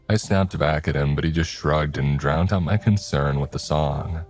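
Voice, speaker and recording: A man narrating a scripted horror story in a steady, measured way. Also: very deep voice. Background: faint music.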